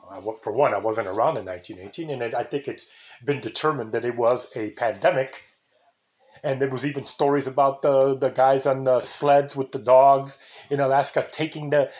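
An older man hosting a casual talk show, rambling and indignant, sometimes imitating how people say things. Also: mid-range voice. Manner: rambling, indignant, mimics intonations. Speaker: podcast host.

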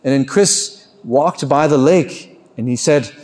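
A man preaching a sermon in an earnest way, lifting his voice on questions and slowing down, soft and low, on key lines.

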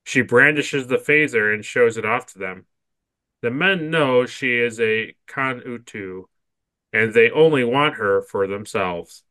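Podcast guy reading a plot recap, bright tense voice, super dry close mic. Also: mid-range voice, a little slow, no echo. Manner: laughs often, stammers when giving opinions. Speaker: podcast co-host. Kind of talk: casual chat and reading episode recaps.

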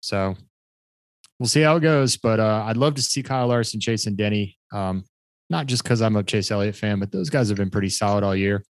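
Laughing, chatty man with a low voice. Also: fairly quick, no echo. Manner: laughs often, gets animated. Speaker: podcast co-host. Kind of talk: casual chat about racing.

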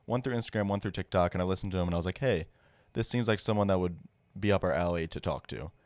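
A young man co-hosting a casual podcast, rambling and relaxed. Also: low-pitched, quick pace, no room sound. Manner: rambling, relaxed, laughs often. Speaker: podcast co-host.

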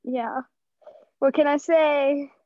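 High-voiced rambling young woman, dry lo-fi sound. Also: steady tone, slow pace, a little mellow, no echo. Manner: rambling, filler-heavy, self-mocking. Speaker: podcast co-host. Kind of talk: casual chat. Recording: muffled lo-fi podcast audio.

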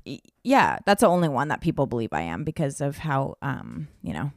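A woman's voice: extremely low pitch, wildly swooping pitch, brisk, dry recording, clean studio sound. A woman from California co-hosting a podcast, giggly and bubbly in casual chat. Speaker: podcast co-host and actress.

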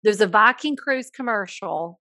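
A woman with a Southern US accent co-hosts a casual podcast. She chats playfully, throwing in jokes and quick asides. The sound is dry and close-miked. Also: mid-range voice, expressive, bright, forceful tone, dry recording. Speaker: podcast co-host, school counselor. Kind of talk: casual chat.

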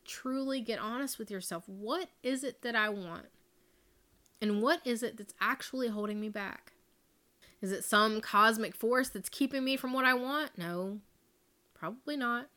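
Candid, chatty woman podcaster, slightly high. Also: a bit bright. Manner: candid and chatty, swears and laughs, tangents. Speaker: podcast host and life coach. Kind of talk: casual unscripted podcast monologue. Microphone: studio microphone.

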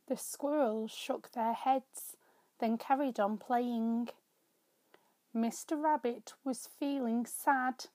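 A woman reading her own children's story aloud, slow, gentle and clear. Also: fairly high pitch, steady tone, no room sound. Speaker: storyteller and author.

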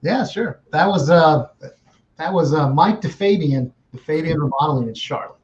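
A man with a fairly high speaking voice tells a story in a relaxed, chatty way. He often repeats a word or starts a phrase over. The audio sounds slightly dull and lo-fi. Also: normal speed. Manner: repeats words and restarts phrases. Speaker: guest, remodeling business owner. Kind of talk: casual storytelling.

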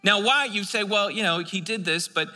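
A man's voice: high-pitched, moderate pace, pushed and bright, in a large hall. An American man preaching a sermon, reading scripture and breaking into casual, chatty explanations. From United States. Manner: reads scripture then explains it in casual asides; conversational, with filler words and restarts.

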